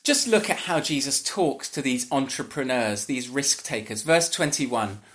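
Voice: mid-range voice, animated, moderate pace, few pauses, a bit bright. A preacher giving an earnest, conversational sermon that is full of questions put to the listeners. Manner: earnest, conversational, asks the audience rhetorical questions.

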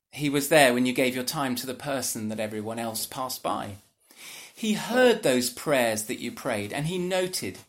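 A preacher giving an earnest, conversational sermon that is full of questions put to the listeners. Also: medium pitch. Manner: earnest, conversational, asks the audience rhetorical questions.

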